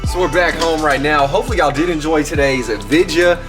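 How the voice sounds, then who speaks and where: A man giving a joking vlog of his thrift store finds, hyped and goofy, often jumping into high silly voices. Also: a little fast, over loud music. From Texas. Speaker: vlogger showing thrift finds. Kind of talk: casual joking vlog narration.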